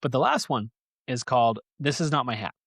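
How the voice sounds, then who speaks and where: Man, podcast host, casual rambling storytelling, jokey, mid-pitched voice, dry close sound. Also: animated, a little fast, a bit bright, slightly rough, no echo. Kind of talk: casual chat.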